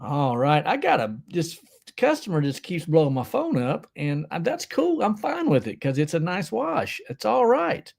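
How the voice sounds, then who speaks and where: A man's voice: on the high side, huge pitch swings, moderate pace, creaky, darkish tone. Chummy man hosting a livestream. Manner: joking, chummy, reads out viewer comments. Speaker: livestream host. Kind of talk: casual livestream chat. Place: at home.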